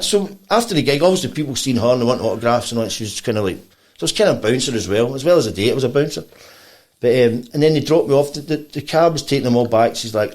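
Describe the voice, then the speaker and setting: A Scottish man, a bassist guesting on a podcast, tells a long, animated story full of quoted voices and laughter. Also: very fast. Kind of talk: casual storytelling.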